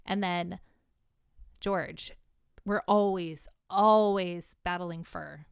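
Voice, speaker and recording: A woman's voice: on the low side, drawn-out words, vocal fry, smooth, no echo, clean studio sound. A woman co-hosting a podcast, talking casually and giving opinions in a rambling way with many restarts. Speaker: podcast co-host. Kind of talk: casual chat.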